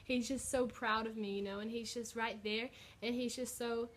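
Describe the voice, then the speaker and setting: A young woman shares a personal faith story on her vlog in a casual testimony, chatting in a bubbly way full of fillers. Her voice is a little high and steady, at a normal speed, with a noisy background.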